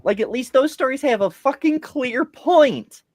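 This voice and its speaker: A man chatting casually on a podcast panel, swearing freely and telling stories with animated energy. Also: very high voice, a little slow, dry recording, studio quality. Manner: profane, animated storytelling. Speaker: podcast co-host.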